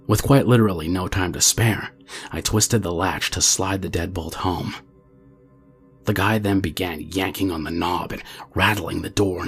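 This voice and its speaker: A man reading a true scary story aloud as the channel's narrator, in a steady, low-key way.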